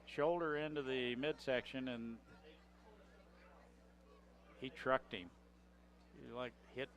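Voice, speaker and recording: A man giving color commentary on a local high school football game, breaking plays down in plain conversational talk. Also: steady tone, slow, a bit bright.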